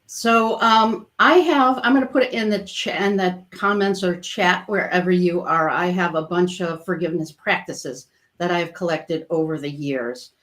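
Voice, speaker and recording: A woman coach hosts a relaxed online conversation. Her voice sits low, and she talks in a gentle, reflective way. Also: normal speed. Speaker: coach and host. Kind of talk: casual webinar chat.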